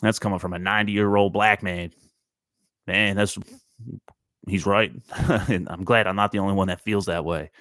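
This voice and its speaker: A man's voice: deep voice, steady tone, moderate pace, long pauses, a bit bright, dry recording, clean studio sound. A man hosting his own podcast, telling a story in a laid-back, rambling way, with frequent profanity. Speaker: podcast host. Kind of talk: casual storytelling monologue.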